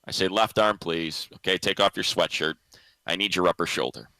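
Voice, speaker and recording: A man's voice: low voice, a little fast, pushed and bright, dry recording, poor audio. A man hosting a sports radio show, telling a story in casual chat and laughing often. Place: radio studio.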